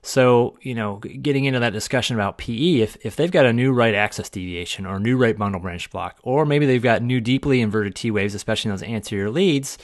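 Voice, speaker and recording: Fast-talking man giving clinical commentary. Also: medium pitch, no room sound. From Ohio. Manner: dry joking asides, then detailed clinical explanation. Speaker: emergency physician giving peer review. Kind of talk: solo podcast commentary.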